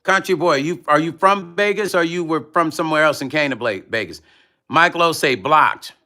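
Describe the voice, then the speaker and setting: A man's voice: on the high side, normal speed. A middle-aged man talking casually on a livestream, reading out chat messages in a loose, laughing, rambling way. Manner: relaxed, loose, laughs often, drifts between topics. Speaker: music vlogger reading live chat.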